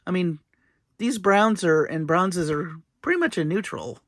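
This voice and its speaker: A woman's voice: lowish voice, lively intonation, a little slow, dry recording, clean studio sound. A woman hosting a casual jewelry-making tutorial, chatty and playful as she works through each step. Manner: chatty and playful, with small laughs. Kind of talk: casual craft demonstration.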